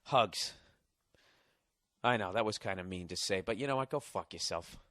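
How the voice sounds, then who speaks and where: A man's voice: sits low, fast, a bit bright, no echo, studio quality. A man hosting a podcast, delivering a sarcastic, mocking and profane comedic monologue. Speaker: podcast host.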